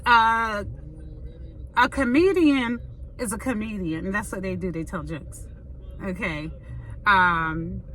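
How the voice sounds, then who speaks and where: A woman hosting an opinion commentary, talking bluntly and emphatically, often pausing to ask "okay?". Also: medium pitch, fairly bright tone, slight background noise, rough recording. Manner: blunt, emphatic, repeats "okay?" to drive points. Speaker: commentary host.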